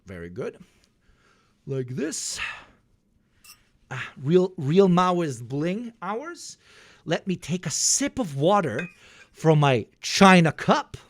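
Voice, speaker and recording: Sarcastic, animated male streamer. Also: a little high. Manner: sarcastic, swearing, jokey asides. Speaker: streamer reacting to news clips. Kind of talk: casual livestream commentary.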